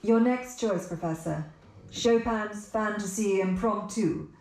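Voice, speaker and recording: An actress playing a polished female radio presenter with a smooth, measured delivery. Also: mid-range voice, darkish tone. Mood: polite. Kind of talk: stage play acting. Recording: roomy stage sound.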